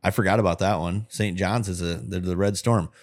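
A man's voice: low voice, steady tone, a little fast. A man co-hosting a podcast in casual chat, wry, rattling off examples as questions. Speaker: podcast co-host.

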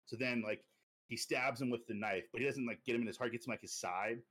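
A young man casually chatting on a podcast, pitching a movie sequel in a rambling way full of fillers. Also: fast talker. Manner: rambling storytelling with many fillers, drops low and quiet for quoted lines. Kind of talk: casual chat.

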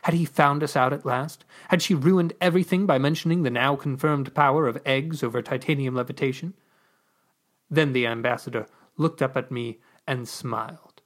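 A writer and podcast co-host reading his own story aloud, with expressive storytelling narration. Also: mid-range voice, moderate pace.

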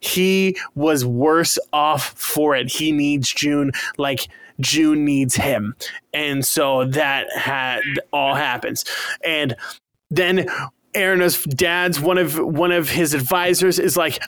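A man's voice: fairly high pitch, a little slow, dry recording. A young man casually recapping an anime plot with his co-hosts, swearing freely and acting out the characters' lines. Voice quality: profane, animated retelling with quoted voices. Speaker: podcast co-host.

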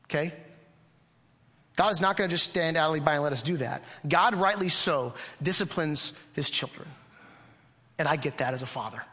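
A man's voice: a little high, normal speed, long pauses, sharp tone. A middle-aged man preaching a sermon to his congregation, earnest and conversational, often asking the listeners questions. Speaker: pastor. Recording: long hall reverb.

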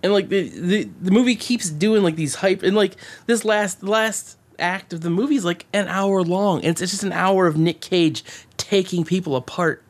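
A man co-hosting a podcast, chatting casually and excitedly about a movie, swearing and rambling with many restarts. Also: sits high, normal speed. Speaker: podcast co-host.

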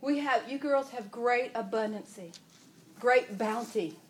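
A woman leading an informal Bible study, emotional, moving between soft asides and loud exclamations. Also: a little high, measured pace, reverberant, a little hiss or hum.

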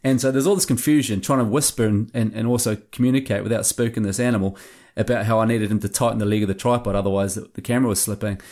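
A man, a hunting show producer telling lively hunting stories in a casual interview. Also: lowish voice, quick pace, few pauses. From New Zealand. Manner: animated anecdotes with acted-out quotes.

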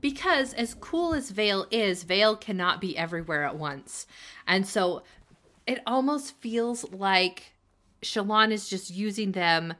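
A woman's voice: mid-range voice, animated, a little slow, bright, forceful tone. A woman co-hosting a casual book-discussion podcast, musing through recaps. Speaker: podcast co-host.

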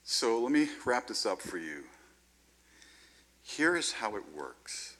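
A man preaching a sermon in a lively, conversational way, often checking in with "right?". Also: mid-range voice, slow, long pauses.

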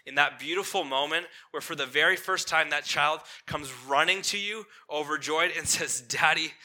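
Pastor guy preaching, very bright voice, a bit high, chatty, keeps saying right? and asking the room questions. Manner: conversational, asks the congregation questions, frequent "right?"; tender and earnest on painful points. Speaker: lead pastor. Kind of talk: sermon. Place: church sanctuary with a congregation.

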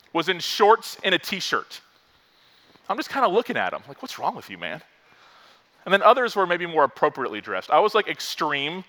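Animated, bright-voiced man preaching. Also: a little high. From Florida. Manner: animated preaching, acting out quotes. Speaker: pastor. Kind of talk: sermon.

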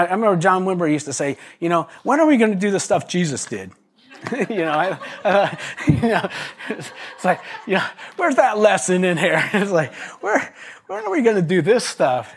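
A man preaching a sermon, telling stories with lots of restarts and acting out the people he quotes. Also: high-pitched. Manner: animated storyteller, acts out quoted voices, laughs often, many restarts. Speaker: pastor. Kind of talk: sermon with storytelling.

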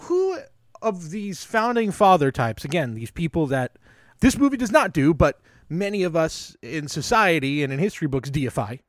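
Enthusiastic, higher-voiced man on a podcast. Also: normal speed, no room sound, studio quality. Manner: animated, enthusiastic, many fillers. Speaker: podcast co-host. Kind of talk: casual film discussion.

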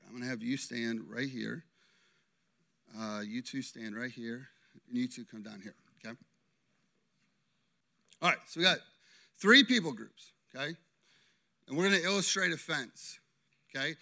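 A man preaching a lively, interactive sermon, stopping often to check in with his listeners. His voice sits high for a man and rings very bright and forceful. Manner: animated, constantly checking in with "okay?". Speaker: pastor.

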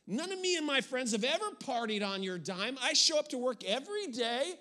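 A man's voice: very high-pitched, sing-song, brisk, pushed and bright, pitched above the performer's own voice, exaggerated voice. A man voicing a resentful older brother who complains that he has worked faithfully and never been rewarded, acted out within a sermon. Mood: indignant. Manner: indignant, complaining.

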